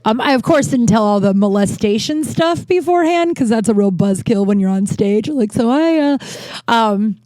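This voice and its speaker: A woman's voice: a little high, expressive, normal speed, mellow, dry recording. A woman comedian in her thirties hosting her own podcast, telling personal stories in a rambling, candid, self-deprecating way and swearing freely. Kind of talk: casual storytelling monologue.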